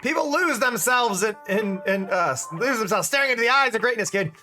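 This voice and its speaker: A man's voice: sits high, expressive, brisk, pushed and bright, exaggerated voice. A man voicing a vain, demanding old woman with a brash, boastful manner. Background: faint music.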